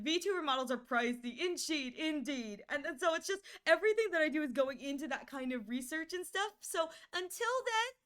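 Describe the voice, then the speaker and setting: Woman, streamer, casual live chat, very high voice, slow, stammering, emotional. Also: fairly bright tone. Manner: emotional, stammering, often near tears.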